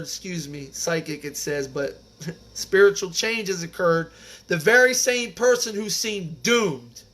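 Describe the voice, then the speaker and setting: A man with a high-pitched voice reads a recovery text aloud and stops often to add his own earnest, informal commentary. His delivery is casual, full of "like" and "man", and he comes back to the text after each aside. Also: fairly bright tone. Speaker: recovery speaker reading the Big Book. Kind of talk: reading aloud with personal commentary.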